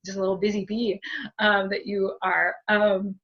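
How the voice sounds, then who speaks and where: A woman medium talks through a group reading in a gentle, chatty way, often pausing to say thank you. She speaks at a middling pitch. The sound is somewhat dull, as from a lo-fi recording. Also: little pitch movement. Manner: gentle, chatty, many fillers and thank-yous, soft laughs. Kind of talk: spiritual reading, conversational.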